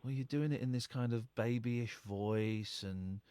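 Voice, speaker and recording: A man's voice: medium pitch, unhurried, mellow, clear, resonant tone. A man hosting a late-night radio phone-in, blunt, pressing and sarcastic. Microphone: studio microphone.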